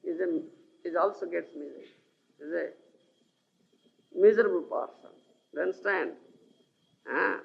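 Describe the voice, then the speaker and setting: A man's voice: sits high, a little slow, vocal fry, long pauses. A man from India giving a scripture lecture, often asking his listeners whether they follow. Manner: animated, keeps checking with listeners. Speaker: spiritual teacher. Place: lecture hall. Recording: dull lo-fi archival tape with faint hiss.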